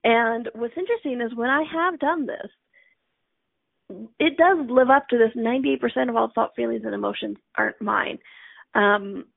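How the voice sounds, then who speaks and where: A woman's voice: fairly high pitch, normal speed, creaky, no room sound. A middle-aged woman hosting a casual self-help talk, chatty and laughing often as she acts out inner voices. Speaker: host. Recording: tinny phone-like audio.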